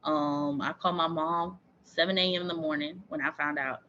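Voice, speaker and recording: A woman's voice: deep voice, fairly even intonation, moderate pace, pushed and bright, lo-fi sound, slight background noise. A young woman from Florida, a sports team owner, candidly and emotionally telling her personal story as an interview guest. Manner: earnest, emotional, reflective.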